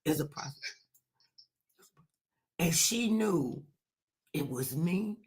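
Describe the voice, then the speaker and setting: A man telling a childhood story in a relaxed chat, lively and at times dropping into a hush. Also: a little high, slow. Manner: animated storyteller, drops into a hush at times, Southern-tinged vernacular.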